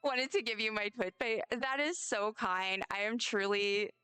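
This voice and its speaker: A woman's voice: mid-range voice, unhurried, pushed and bright, clean tone, dry recording. A young woman streaming a game, chatting casually and rambling effusively, often stumbling over her words. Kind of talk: casual live-stream chat. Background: faint game music.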